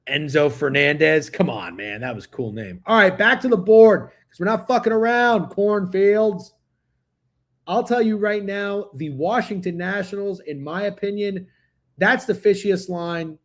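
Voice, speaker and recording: A man with a high-sitting voice, talking a little slowly, hosts a sports betting livestream. He chats casually and profanely, addressing his chat directly.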